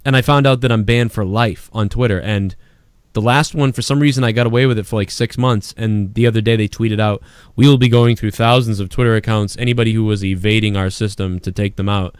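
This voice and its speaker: A man's voice: fairly low pitch, fairly even intonation, brisk, few pauses, clean tone, no echo. A man from Massachusetts hosting a podcast, chatting casually and rambling with lots of fillers and swearing. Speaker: podcast host.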